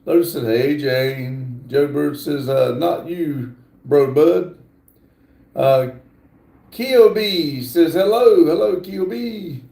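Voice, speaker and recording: Middle-aged male streamer, gravelly and unhurried, halting and apologetic as he reads viewer comments. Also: fairly high pitch, dark tone. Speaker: livestream host. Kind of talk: casual livestream chat. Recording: roomy echo.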